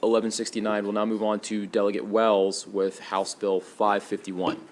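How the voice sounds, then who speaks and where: A man's voice: lowish voice, completely flat delivery, normal speed, slight background noise. A man chairing a legislative committee hearing, brief, friendly and procedural.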